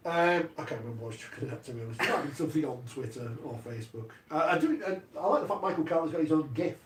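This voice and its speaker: A man talks fast and slightly high in a joking, bantering way, co-hosting a casual sports chat. He sounds set back from the microphone in an echoey room with faint noise behind. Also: lively intonation. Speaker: co-host. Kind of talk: casual radio-style chat. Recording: roomy studio audio from a distance, faint background.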